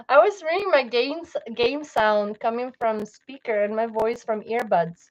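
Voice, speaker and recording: A high-pitched woman chats on her livestream in a loose, rambling way, restarting her sentences and breaking into laughs. The audio is a little dull and lo-fi, like a home stream. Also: slow pace, darkish tone. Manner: rambling, self-interrupting, laughs often. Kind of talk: casual livestream chat.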